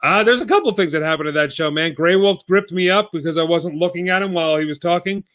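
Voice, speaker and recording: A man's voice: high voice, fast, a bit bright. A man hosting a casual podcast, chatting loosely with lots of fillers and plugs, a bit out of breath. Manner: rambling, filler-heavy plugging. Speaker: podcast host.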